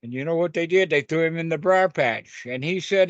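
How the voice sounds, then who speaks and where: A man's voice: fairly high pitch, a little fast, hardly any pauses, dry recording, dull audio. Folksy man teaching over a call. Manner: rambling, folksy, with frequent fillers. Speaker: meditation teacher. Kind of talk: informal Dharma talk and storytelling. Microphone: video call.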